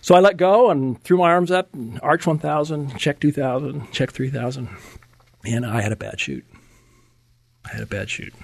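An older man with a gravelly, creaky voice tells a personal story in a relaxed interview. He talks in an animated, chatty way, chuckling as he goes and restarting words. The sound is dry and close. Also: on the high side, normal speed, no echo. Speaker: guest telling his testimony. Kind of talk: conversational storytelling.

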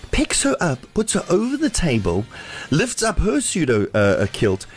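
A man hosting a radio breakfast show, telling a comic story in an animated way, hesitant and full of fillers. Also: high voice, moderate pace, breathy edge, faint music behind.

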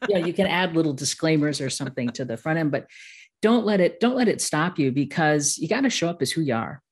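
Talking quickly in a low-pitched, slightly rough and animated voice, this woman is a course-creation expert guesting on an interview. She has a Midwestern accent, keeps things casual and self-deprecating, and laughs a lot.

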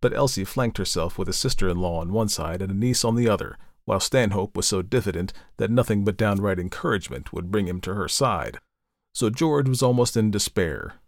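A man narrating a classic novel in a measured, even reading style. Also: lowish voice, no echo, clean studio sound. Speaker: audiobook narrator.

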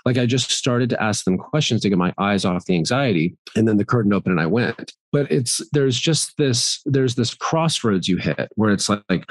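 A middle-aged man talking candidly as an interview guest, earnest and animated, acting out his inner voice at times. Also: lowish voice, moderate pace, few pauses, no echo, clean studio sound. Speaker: guest actor.

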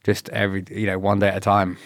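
A man recounts his past in a relaxed interview, swearing freely and laughing as he acts out the people he quotes. His voice sits on the low side. The sound is dry and close to the mic. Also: fast, no echo. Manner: laughs often, swears, quotes others in retold dialogue. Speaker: guest. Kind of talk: casual interview storytelling.

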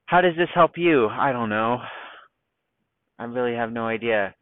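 A man hosting a casual solo podcast, talking in a rambling, self-mocking way and deliberately slowing into a calm voice. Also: mid-range voice, dry recording. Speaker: podcast host. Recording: dry, thin phone-like sound.

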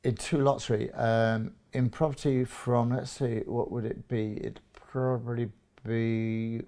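A man's voice: mid-range voice, flat delivery, measured pace, warm tone. A man in his fifties from England, a guest in an interview, chatting casually and acting out little dialogues with many restarts.

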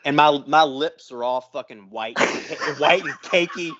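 A man hosting a podcast, telling a long story in a casual, profane, animated way. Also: a little high, unhurried, dull audio. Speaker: podcast host.

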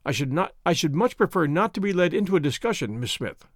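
A man's voice: a little high, sing-song, fast talker, dry recording, studio quality. A man reading aloud and voicing a conservative, pedantic Victorian country doctor with a formal, stiff manner. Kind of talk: audiobook character voice.

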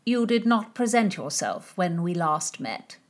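Woman putting on a cocky teen lord, sneery and proud, kinda low. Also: big pitch swings, a little slow. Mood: haughty. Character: swaggering young male nobleman, arrogant and mocking.

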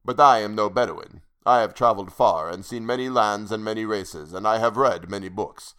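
A man's voice: lowish voice, normal speed, fairly bright tone, clean tone, close to an everyday voice. A man reading the lines of a mocking, formal Arab sheik in an audiobook story. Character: scornful Arab sheik, middle-aged man.

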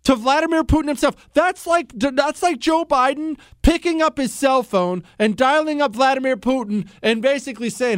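A man's voice: extremely high pitch, normal speed, few pauses, no echo, studio quality. A man hosting a talk radio show, ranting sarcastically and slipping into mocking impressions. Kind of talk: opinionated talk radio monologue. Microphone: studio microphone.

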